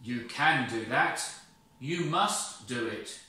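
A man voicing God as a commanding, kindly male divine voice, speaking loudly and firmly in a very echoey space some distance from the mic. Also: mid-range voice, lively intonation, slow pace.

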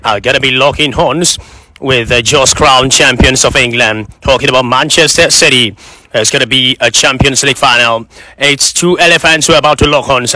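Forceful Nigerian man doing football commentary. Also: medium pitch, a little hiss or hum. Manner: rapid, excitable, sing-song commentary.

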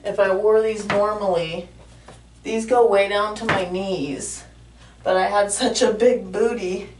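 A woman's voice: medium pitch, fairly even intonation, measured pace, distant mic, background noise. Emotional woman vlogging in an echoey bathroom. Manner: emotional, heartfelt, talks straight to viewers. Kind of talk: casual vlog to camera. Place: home bathroom. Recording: echoey room, voice a bit off-mic.

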